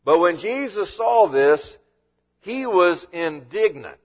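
A man preaching a sermon as a pastor, with animated delivery and frequent rhetorical questions. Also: sits high, slow, dull audio.

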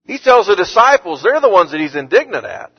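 Male pastor, high voice, earnest sermon delivery, dull lo-fi recording. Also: big pitch swings, a little fast, slightly rough. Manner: earnest, rising to emphatic when quoting Jesus.

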